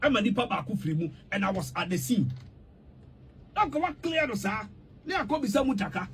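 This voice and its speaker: Emphatic high-voiced Ghanaian man. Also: animated, moderate pace, fairly bright tone, slight background noise. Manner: emphatic, repetitive, mixes English with a local language. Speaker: political commentator. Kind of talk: heated spoken commentary.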